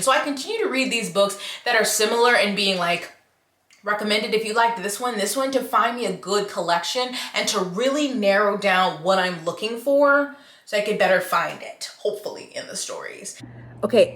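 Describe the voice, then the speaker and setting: A woman's voice: medium pitch, fairly bright tone, reverberant. A woman chatting casually to camera about books, frank and given to exaggerated reactions, recorded in a room at home. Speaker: book reviewer.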